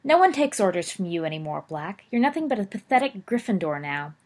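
A woman's voice: medium pitch, sing-song, a little fast, darkish tone. A woman voicing a sneering, arrogant young schoolboy bully in a storybook reading, mocking and taunting.

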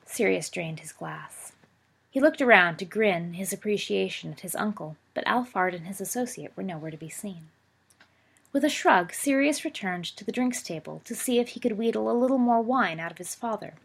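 Woman storybook narrator, expressive, slightly raspy. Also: mid-range voice, normal speed. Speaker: audiobook reader.

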